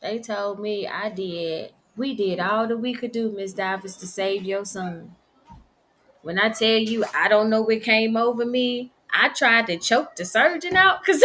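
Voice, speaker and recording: A middle-aged woman, telling the story of losing her son in slow, halting, emotional speech. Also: medium pitch, pushed and bright. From Virginia. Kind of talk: personal testimony.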